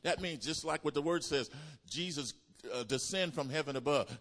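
A pastor preaching a sermon to his congregation, asking them to repeat lines back and building up to loud exclamations. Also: fairly high pitch, normal speed. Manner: call-and-response preaching, builds to shouts. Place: church.

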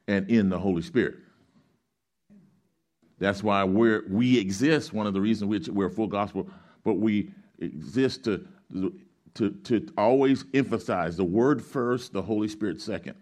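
A man's voice: lowish voice, unhurried, a little mellow. A male pastor preaching a sermon. He reads scripture aloud, explains it like a teacher, and asks the congregation questions for them to answer back. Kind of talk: sermon with call-and-response.

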